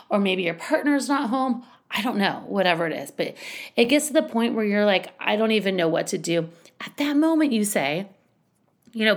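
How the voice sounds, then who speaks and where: A woman's voice: medium pitch, expressive, a little fast. Chatty woman giving parenting advice. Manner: chatty, frequent "you know" and "like". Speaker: parenting podcast host and school educator. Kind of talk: casual advice talk.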